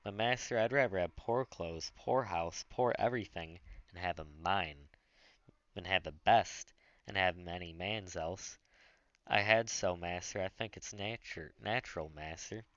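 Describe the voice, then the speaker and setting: A man voicing a gentle, faithful male servant who speaks earnestly and pleadingly, in an audiobook. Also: deep voice, measured pace, dry recording. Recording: dull lo-fi dry recording.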